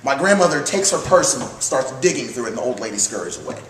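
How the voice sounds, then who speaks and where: A man's voice: medium pitch, lively intonation, quick pace, fairly bright tone. A man co-hosting a casual comedy chat show, brash and profane, rambling through stories. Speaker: co-host. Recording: roomy, distant mic, light hiss.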